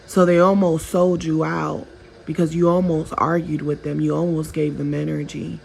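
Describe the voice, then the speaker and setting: A woman's voice: low-pitched, little pitch movement, normal speed, creaky, a little mellow, a little hiss or hum, rough recording. A woman vlogger giving casual, emphatic advice straight to the viewer, often repeating herself for stress. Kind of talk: casual monologue advice talk.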